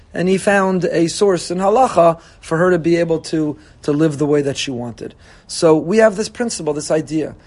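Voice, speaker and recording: A man giving a sermon as a rabbi, preaching with animation and acting out quoted voices. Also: on the high side. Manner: animated preaching, voicing God and congregants.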